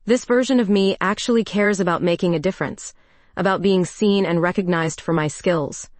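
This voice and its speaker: A woman narrating a first-person romance story in a calm, even storytelling voice. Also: fairly low pitch, moderate pace, no room sound.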